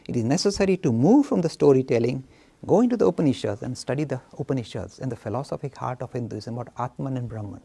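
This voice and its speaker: Animated gravelly male lecturer. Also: mid-range voice. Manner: animated, acts out voices, chuckles. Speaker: lecturer on Hinduism. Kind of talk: storytelling lecture.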